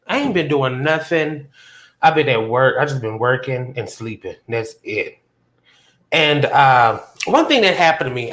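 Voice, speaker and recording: A man chatting casually on his own live show, easygoing and talkative. He tells a story from his workday with an animated delivery and shoots up high whenever he acts out his own reactions. His voice sits in an ordinary middle pitch. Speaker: podcast host. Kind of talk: casual livestream chat. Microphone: phone on a hotspot.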